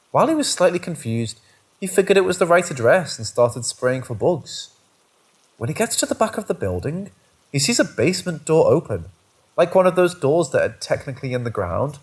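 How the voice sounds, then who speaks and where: A man giving scripted narration of first-person scary stories, reading steadily. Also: mid-range voice.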